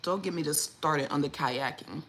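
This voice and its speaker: A woman, hosting a casual livestream chat and telling stories in a lively, indignant way, acting out what people said. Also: sits low, moderate pace, slight background noise, rough recording. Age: 40s. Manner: animated storytelling, acts out quotes, lively and indignant. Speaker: livestream host.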